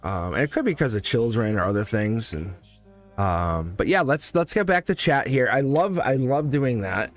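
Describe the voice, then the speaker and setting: A man hosting a live tarot stream, talking straight to his viewers in an animated way and laughing often. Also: medium pitch, moderate pace, faint music behind.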